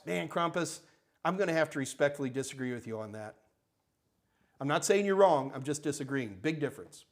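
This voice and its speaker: Older man, high-pitched voice, blunt and emphatic, live Q&A host. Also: animated, a little fast. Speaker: IT training host answering live chat. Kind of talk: live Q&A stream.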